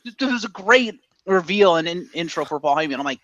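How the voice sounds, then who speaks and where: A man co-hosting a casual podcast, animated and opinionated, acting out quotes and swearing as he argues his points. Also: a little high, brisk, few pauses, no echo. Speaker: podcast co-host.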